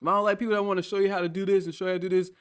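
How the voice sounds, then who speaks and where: A man in his thirties telling stories in a casual, colloquial chat, animated and often laughing, with the odd swear word. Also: sits high, racing, smooth. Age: 30s.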